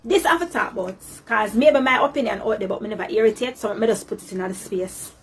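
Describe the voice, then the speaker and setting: A woman's voice: medium pitch, fast, music in the background. A woman with a Jamaican accent giving an earnest opinion to camera, lecturing and slipping into patois.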